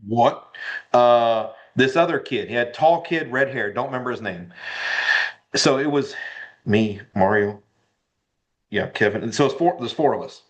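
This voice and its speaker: A man, a podcast guest, telling a long personal story in an animated way, repeating words as he builds it up. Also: medium pitch, a little slow, long pauses. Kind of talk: casual storytelling interview.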